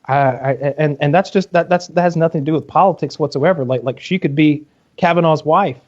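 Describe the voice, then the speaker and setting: A man hosting a podcast, telling a crude story in an animated, casual way over a video call with dull lo-fi audio. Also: a little high, a little fast. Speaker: podcast host. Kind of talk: casual chat.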